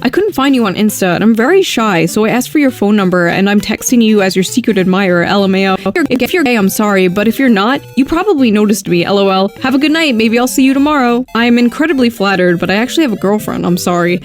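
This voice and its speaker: A woman giving sarcastic reaction commentary, reading dating messages aloud in a deadpan, mocking way. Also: medium pitch, fast, hardly any pauses, faint music behind.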